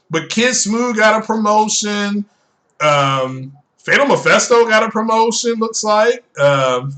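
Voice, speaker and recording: A male live streamer chatting casually with his audience in a bright, slightly raised voice. He talks slowly and rambles, circling back and repeating himself as he goes. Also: sits high.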